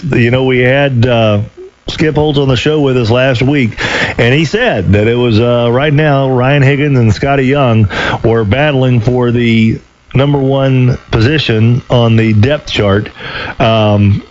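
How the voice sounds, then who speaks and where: A man in his sixties runs a sports talk call-in radio show, his voice sitting at an everyday middle pitch. He chats easily and slips joking asides in between callers. The broadcast sound is dull and lo-fi. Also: slight background noise. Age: 60s.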